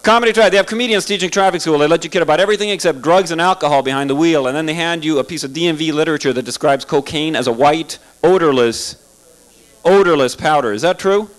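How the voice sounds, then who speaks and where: A man's voice: a little high, fast, low-quality recording. A man doing a stand-up comedy set in a club, sarcastic and chatty, asking the crowd questions.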